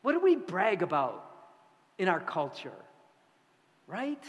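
A man preaching a conversational, animated sermon as a pastor, with sudden loud bursts of emphasis. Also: high voice, slow pace, muffled recording. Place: church sanctuary. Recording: long hall reverb.

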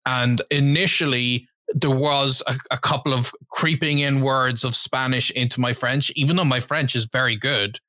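Man, bright forceful voice, dry close sound, measured, explanatory chat. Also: mid-range voice, no echo. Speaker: co-host, language learner. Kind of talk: casual video chat.

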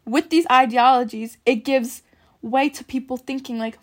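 A woman's voice: fairly high pitch, fairly even intonation, fairly quick, darkish tone. A young woman hosting a student podcast, giving her opinions in an emphatic, insistent way and repeating points for stress.

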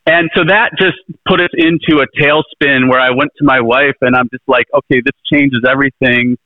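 A middle-aged presidential candidate, appearing as an interview guest, tells his story earnestly but ramblingly, with frequent restarts and fillers. His mid-range voice stays fairly even and moves at a brisk clip. The sound is tinny and phone-like, dry with no echo.

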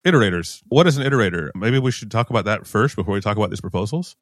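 A man's voice: fairly low pitch, lively intonation, rapid-fire, no echo, clean studio sound. A man co-hosting a casual tech podcast, easygoing and self-deprecating, stumbling over words now and then. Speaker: podcast co-host.

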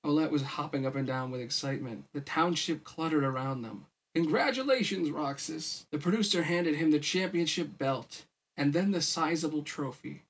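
A tired man reads a novel aloud for his podcast. His voice sits fairly high with a husky edge. He drops into casual, weary asides between passages. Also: moderate pace, fairly bright tone. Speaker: podcast host reading a novel. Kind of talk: audiobook-style story reading.

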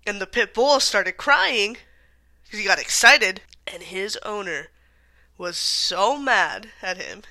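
Bright-voiced woman telling chatty stories. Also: medium pitch, animated, slow. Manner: chatty storytelling, frequent fillers and laughs. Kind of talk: casual chat.

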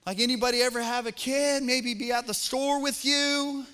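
A high, bright-toned man preaches in a church auditorium, trailing a long reverb behind each phrase. He talks like he's chatting with the crowd, slipping into playful family stories and then easing down into gentle, sincere encouragement. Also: steady tone, normal speed, clear, resonant tone. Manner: conversational, jokey storytelling that drops to soft, earnest appeals. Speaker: pastor. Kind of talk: sermon with humorous family anecdotes.

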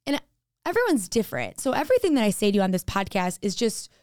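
A woman's voice: medium pitch, big pitch swings, fast talker, a little mellow, no room sound, clean studio sound. Candid woman hosting a solo podcast. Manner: candid, casual, thinking aloud. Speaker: podcast host. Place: podcast studio. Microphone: studio mic with headphones.

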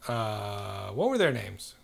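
A man's voice: on the low side, sing-song, slow, creaky, breathy edge. A man co-hosting a casual chat, joking and riffing on celebrity gossip.

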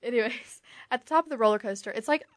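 Giggly young woman, higher voice. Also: fast, no room sound, clean studio sound. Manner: giggly, rambling storytelling. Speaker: podcast co-host. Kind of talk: casual chat.

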